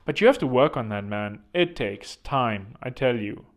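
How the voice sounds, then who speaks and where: A man's voice: medium pitch, expressive, normal speed. Man, show host, comedic self-help monologue, rambling crude jokes, self-mocking.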